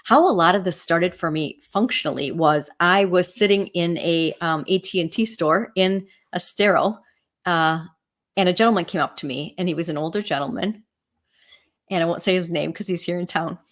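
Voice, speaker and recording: Midwest woman, middle-aged, a bit low-voiced, chatty realtor telling stories, lots of "right?". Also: normal speed. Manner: chatty storyteller, frequent "right?" and "you know" asides. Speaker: real estate agent. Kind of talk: casual teaching talk.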